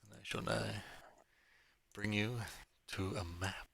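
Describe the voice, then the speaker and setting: Low, slow-talking man running a tabletop game. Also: fairly even intonation, vocal fry, fairly bright tone, breathy edge, no echo. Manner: casual, with many fillers like "like" and "kinda". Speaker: dungeon master.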